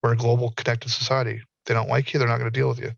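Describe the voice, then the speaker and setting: Middle aged guy on a video call panel, gravelly voice, tells stories and does the quotes, kinda muffled dry audio. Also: medium pitch, little pitch movement, very fast, no room sound. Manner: candid storyteller, acts out quotes. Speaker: panelist, virtual worlds researcher. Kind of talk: online panel discussion.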